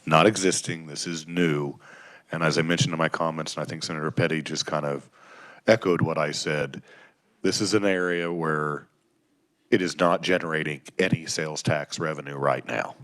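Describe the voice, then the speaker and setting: Very deep-voiced chairman interjecting. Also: steady tone, moderate pace, a bit bright. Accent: American Midwest. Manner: emphatic, interjecting. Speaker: committee chairman. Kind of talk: chairing a hearing. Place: legislative hearing room.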